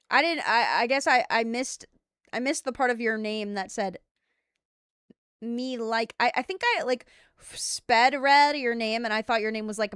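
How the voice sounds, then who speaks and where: A woman's voice: a little high, a bit bright, clear, resonant tone, no room sound, clean studio sound. A woman streaming as a VTuber and chatting casually with her viewers, giggly and playfully bossy.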